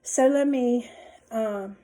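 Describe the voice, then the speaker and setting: A woman's voice: on the high side, takes it slowly, mellow, low-quality recording. A middle-aged woman, chatting casually to her viewers at home and rambling through a personal story. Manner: rambling, chatty, many restarts and asides. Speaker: vlogger. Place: indoors at home.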